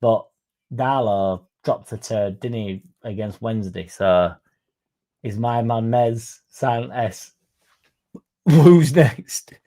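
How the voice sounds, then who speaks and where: Mellow-voiced man bantering on stream. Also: mid-range voice, takes it slowly. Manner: chatty, sarcastic, banter with viewers. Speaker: fan channel host. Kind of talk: casual livestream chat reading comments.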